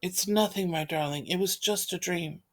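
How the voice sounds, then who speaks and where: A woman reading a gentle soothing mother. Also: fairly low pitch, normal speed, close to an everyday voice. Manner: soft, soothing, calming. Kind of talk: reading a play aloud.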